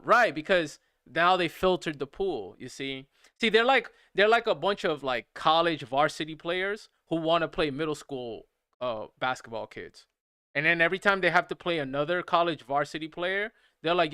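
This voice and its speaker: A gaming streamer in his thirties rants in disbelief while he plays, animated and repeating himself as he goes. His voice sits high with a clean tone at a moderate pace, recorded in clean studio sound without echo.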